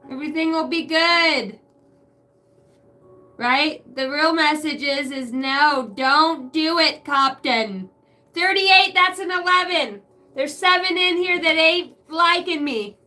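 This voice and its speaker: High, bright-voiced joking woman. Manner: rambling, crude jokes, frequent laughter. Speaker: tarot reader. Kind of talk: casual live tarot reading. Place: backyard shed.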